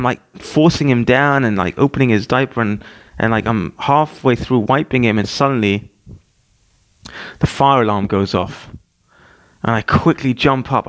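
A man in his thirties hosting a podcast, telling a personal story in a casual, animated way with many restarts and fillers. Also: medium pitch. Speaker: podcast host.

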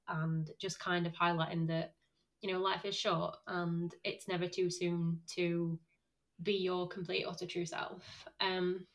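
A woman's voice: lowish voice, fairly bright tone, poor audio. A woman with a Northern English accent chats on a podcast. She is giddy and bubbly and keeps breaking into giggles. Her talk is loose and friendly. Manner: giggly, bubbly, quick to laugh. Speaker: podcast co-host. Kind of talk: casual chat.

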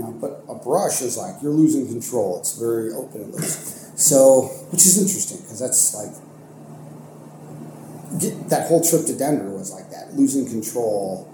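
A young man from Ohio, an art teacher and coach, telling stories in a casual podcast interview, rambling with many fillers and restarts. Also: medium pitch. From Ohio, United States. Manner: rambling, animated, many fillers and self-corrections. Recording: echoey room with faint noise.

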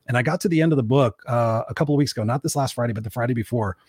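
Husky guy talking fast, candid and emotional, lots of restarts, dry sound. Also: mid-range voice, darkish tone, no echo. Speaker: podcast host. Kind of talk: personal storytelling in casual talk.

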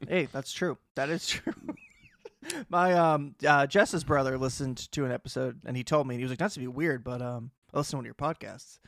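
Fast-talking young man on a podcast. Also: medium pitch, vocal fry, a bit bright, dry recording, studio quality. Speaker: podcast co-host. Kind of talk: casual chat.

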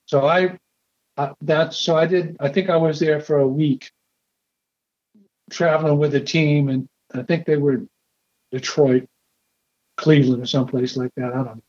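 Older man, fairly high voice, halting storyteller, dull lo-fi recording. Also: steady tone, darkish tone. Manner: rambling, halting, repeats words. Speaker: interviewee. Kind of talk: storytelling interview.

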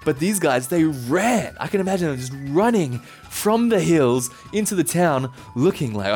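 A man's voice: fairly high pitch, very animated, normal speed, hardly any pauses, a little mellow, soft background music. A man preaching a sermon as a pastor, telling the story in a casual, playful way.

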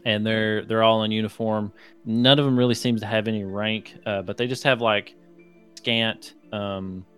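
A man's voice: lowish voice, fairly even intonation, normal speed, fairly bright tone, soft background music. A man narrating as game master in a tabletop game, rambling with lots of fillers.

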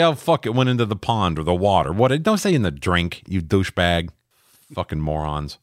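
A man's voice: low voice, big pitch swings, normal speed, dry recording, clean studio sound. A man co-hosting a podcast in crude casual banter, a profane storyteller prone to ranting. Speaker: podcast co-host.

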